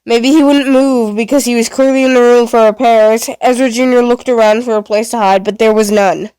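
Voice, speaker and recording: A woman's voice: a little high, steady tone, fairly quick, dark tone, clean tone, no room sound. Woman reading a story aloud. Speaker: narrator.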